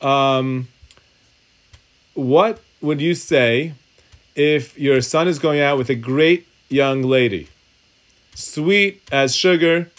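Speaking slowly with frequent pauses, a mid-range male voice teaches Talmud and halacha in a synagogue study hall. He thinks out loud, restarts sentences, and weaves Hebrew terms into English.

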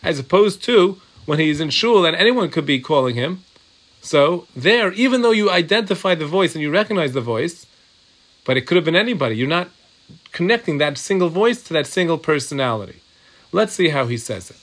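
Man, Talmud teacher, fairly high voice, reads Hebrew and Aramaic, explains in English. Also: expressive, a little fast, fairly bright tone. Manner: repetitive, working through examples aloud. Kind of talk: text-based Torah class.

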